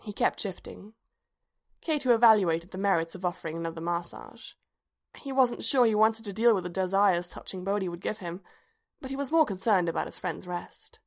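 A woman's voice: medium pitch, moderate pace. Woman reading a story aloud. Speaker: reader. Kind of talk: storybook narration.

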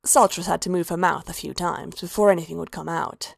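A woman narrating a story aloud in a steady, low-key reading. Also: a little fast, vocal fry, hardly any pauses, breathy edge, no echo, studio quality. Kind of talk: storybook fan-fiction reading.

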